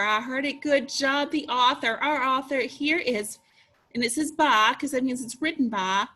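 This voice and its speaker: A woman teacher walks young children through an early-reader book from a screen-share lesson. Her voice sits a little high and rings bright. She prompts slowly and encouragingly in a sing-song way.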